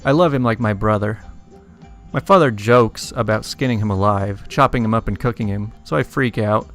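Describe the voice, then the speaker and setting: A man's voice: lowish voice, moderate pace, a bit bright. A man casually reading funny internet stories aloud, chuckling and adding wry asides between them. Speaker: story reader. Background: faint music.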